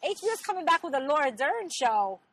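Playful high-voiced woman, lively, a bit distant. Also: brisk, no echo. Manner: playful, short reactions, retells with acted-out quotes. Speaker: podcast co-host. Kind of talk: casual chat.

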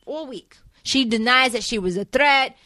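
A woman hosting a casual talk show, recapping soap opera episodes in an animated, chatty way full of fillers and laughs. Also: fairly high pitch, moderate pace. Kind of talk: casual chat.

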